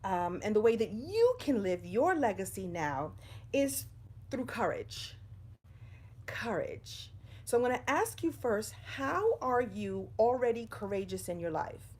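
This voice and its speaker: A woman's voice: mid-range voice, big pitch swings, normal speed, few pauses, slightly rough. A middle-aged woman speaks to her livestream viewers from a room at home, in front of a bookshelf. She talks in a chatty, personal way about life lessons. The sound comes from a simple phone or webcam setup. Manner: warm, chatty, greets viewers by name. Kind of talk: live-streamed inspirational talk.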